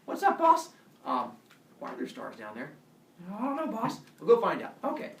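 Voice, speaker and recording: A man's voice: very high-pitched, wildly swooping pitch, normal speed, vocal fry, a little hiss or hum, voice pushed up, full character voice. A man voicing an eager, nervous young messenger god who hesitates and stammers, recorded from a distance in an echoey classroom. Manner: hesitant, says um a lot. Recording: echoey classroom, far from the mic.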